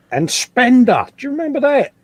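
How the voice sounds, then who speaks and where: A man's voice: very high-pitched, dry recording. A man from England co-hosting a live stream, bantering casually, laughing often and calling people mate. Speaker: co-host reading live chat.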